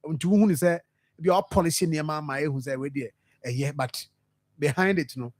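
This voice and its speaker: A man's voice: fairly high pitch, a little fast, a little mellow, dry recording. A Ghanaian man with a Ghanaian accent hosting a radio talk show, chiming in with short remarks in English and Twi. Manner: brief interjections, mixes English with Twi. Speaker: radio host. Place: radio studio.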